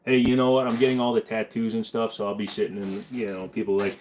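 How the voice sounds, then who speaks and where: A young man hosts a casual live stream, reading out comments and firing back bluntly, with a lot of swearing. His voice sits a little low for a man. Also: flat delivery, fast, hardly any pauses, a little mellow, slight background noise. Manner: blunt, profane, wisecracking.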